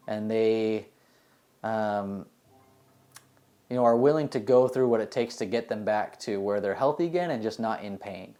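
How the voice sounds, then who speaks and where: A man from the United States, a dentist, answering interview questions in a relaxed, rambling way with many fillers. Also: mid-range voice. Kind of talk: casual interview answers, storytelling.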